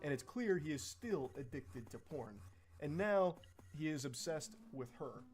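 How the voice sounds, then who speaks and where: A man's voice: on the high side, expressive, measured pace, a little mellow, faint music behind. Blunt, profane young man commenting. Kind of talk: reaction commentary.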